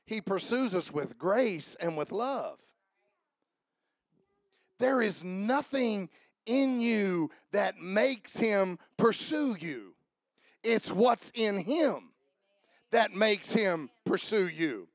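High-voiced preacher, fervent and shouting. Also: male voice, big pitch swings, takes it slowly, dry recording, clean studio sound. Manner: shouting, building to fervent climaxes; storytelling, humorous asides. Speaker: pastor. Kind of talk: sermon.

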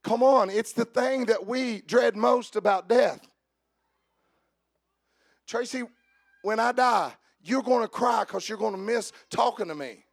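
A man preaching an Easter sermon in church, joking quietly with the congregation and then building to loud, drawn-out preaching. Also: very high voice.

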